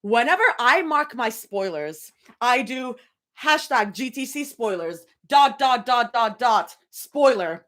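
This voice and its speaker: A young woman chatting casually on a livestream from her bedroom before reading fan fiction, rambling, giggling often and breaking into excited yelling. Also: fairly high pitch, takes it slowly. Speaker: fanfic livestream reader.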